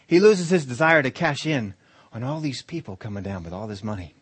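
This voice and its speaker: Brief: middle-aged male preacher, storytelling sermon, very lively intonation, dry close recording. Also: mid-range voice, fairly quick, slightly rough, dry recording. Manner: lively storytelling, asks the audience questions.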